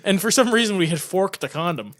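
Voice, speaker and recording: A man's voice: high voice, lively intonation, brisk, fairly bright tone, slight background noise. A young man, telling rambling stories on a casual podcast, laughing often and restarting his sentences. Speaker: guest, show producer.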